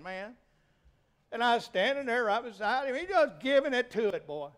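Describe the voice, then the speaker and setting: With a very high voice at an ordinary pace, a middle-aged man preaches a folksy, emphatic sermon, his animated delivery swelling toward emphatic peaks. He is a pastor.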